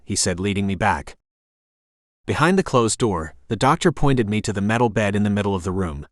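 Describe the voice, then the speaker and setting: Low-voiced man narrating an audiobook. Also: expressive, fairly quick, dry recording, studio quality. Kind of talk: first-person audiobook narration.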